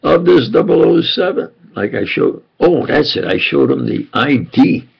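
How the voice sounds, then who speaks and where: Gravelly older man rambling on. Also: a little high, expressive, moderate pace, lo-fi sound. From United States. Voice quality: gravelly, husky. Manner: meandering, with frequent fillers and restarts. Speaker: self-styled preacher recounting memories. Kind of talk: rambling spontaneous monologue.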